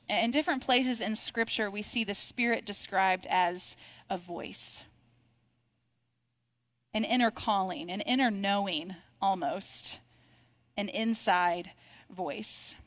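A woman in her thirties preaching a sermon, talking in a reflective, conversational way, reading scripture and slowing down for emphasis. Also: mid-range voice, a bit bright. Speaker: pastor.

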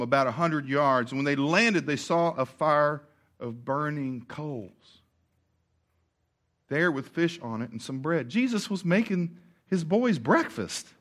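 A man's voice: on the high side, a bit bright. A man preaching a sermon, retelling a Bible story with jokes and asides to the congregation. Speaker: pastor.

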